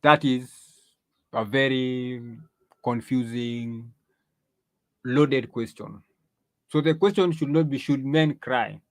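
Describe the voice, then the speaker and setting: A man's voice: mid-range voice, slow pace, long pauses, no echo. A man hosting an opinion monologue, lecturing emphatically, drawing out stressed phrases, with frequent restarts and rhetorical questions. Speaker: host.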